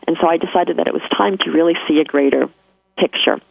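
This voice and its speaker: A woman's voice: low-pitched, fast talker, vocal fry, slightly rough. A woman with a New York accent, telling a personal spiritual story as an interview guest, earnest and emphatic with frequent restarts. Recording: tinny phone line, dry.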